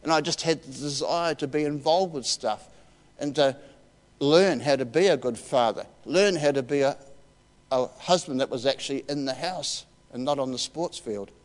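A man's voice: medium pitch, moderate pace. Older New man preaching in a hall. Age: 60s. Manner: heartfelt, emotional, emphatic. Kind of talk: personal testimony sermon. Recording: reverberant church hall.

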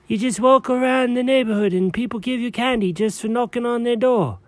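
A man's voice: very high-pitched, a little fast, no echo, pitched above the performer's own voice. A man voicing a hyperactive, sugar-crazed male cat who keeps calling people "dog". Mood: giddy. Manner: excitable, calls everyone dog.

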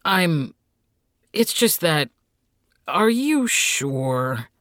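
A man voicing a nervous, fawning male demon supervisor, squeaky and stammering in an audiobook. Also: sing-song, extremely slow, a bit bright, no room sound, studio quality, full character voice. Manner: stammering, flustered and obsequious. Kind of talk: audiobook character voice.

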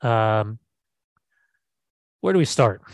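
A man's voice: fairly low pitch, lively intonation, drawn-out words, dry recording. A man co-hosting a casual football podcast, brash and emphatic, swearing casually. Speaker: podcast co-host.

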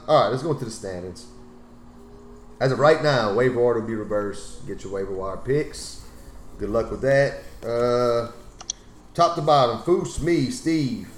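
A man's voice: mid-range voice, echoey room. A man hosting a casual sports podcast, laid-back and teasing, swearing freely as he ribs his co-hosts. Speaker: podcast host.

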